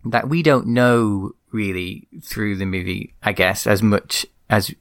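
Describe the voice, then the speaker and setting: A man's voice: fairly low pitch, slow, vocal fry, dry recording. Thoughtful man, dry close sound. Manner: thoughtful, hesitant with repeated words. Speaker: podcast co-host. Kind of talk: casual film podcast chat.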